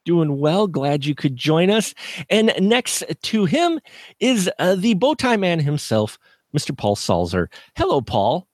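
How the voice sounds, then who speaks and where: A man with a fairly high voice hosts a casual podcast chat, introducing guests playfully and laughing often. The sound is close and dry. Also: very animated, a little slow, no room sound. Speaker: podcast host.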